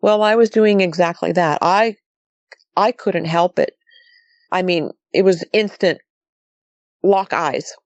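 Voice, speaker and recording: Woman, middle-aged, from Montana, interview guest, animated storytelling, dry sound. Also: fairly low pitch, slow pace, long pauses, no echo. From Montana, USA. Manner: animated, acts out quoted dialogue with repeated "she goes". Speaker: guest recounting a sighting.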